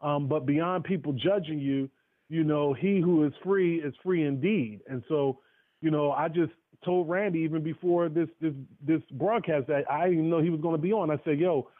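A man's voice: a little high, dry recording. A man telling a heartfelt story on a call-in broadcast, emotional and preacherly, with many restarts. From North Carolina. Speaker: guest speaker. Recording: tinny phone line, dry.

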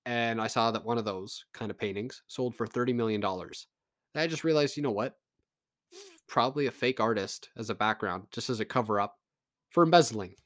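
A man from Canada rants in a loose, profane, sarcastic style, talking straight to his viewers. His voice sits at an average pitch for a man. The sound is close and dry, with no room echo. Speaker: vlogger. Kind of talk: casual rant to camera.

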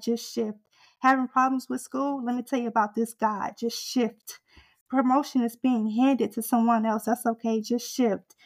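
A woman with a fairly high voice delivers a fervent sermon, driving home her point with rhythmic, repeated refrains. Her intensity keeps building as she exhorts the listener. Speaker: preacher.

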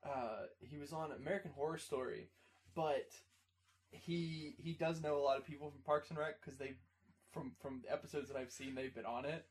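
A young man in casual chat, halting with fillers and restarts as he tells stories. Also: on the high side, fairly even intonation.

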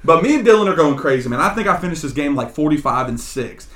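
A man co-hosting a casual chat, telling a gaming story in an animated, profane way. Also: fairly high pitch, quick pace, reverberant, recorded from a distance, crowd noise. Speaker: podcast co-host.

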